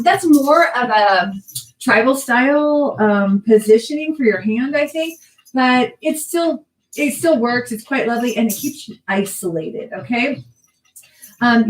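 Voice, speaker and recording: A woman's voice: on the high side, reverberant, recorded from a distance, rough recording. A woman teaching a belly dance class, counting the moves aloud with chatty asides. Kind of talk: online dance class instruction.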